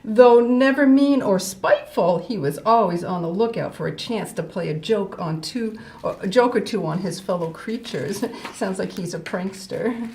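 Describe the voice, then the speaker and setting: An older woman reading a folk tale aloud as storyteller host, animated with playful asides. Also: medium pitch, moderate pace. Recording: roomy echo.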